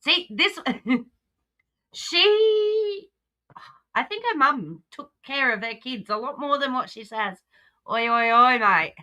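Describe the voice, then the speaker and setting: A woman's voice: high voice, expressive, takes it slowly, bright, forceful tone. An Australian woman hosting a livestream, chatting casually and talking back at the clip she reacts to. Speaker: livestream host.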